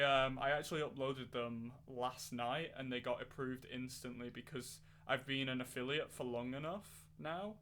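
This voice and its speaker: A man's voice: medium pitch, a bit bright. Chatty male streamer over game music. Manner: chatty, replies to chat while racing. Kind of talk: live-stream gameplay chat.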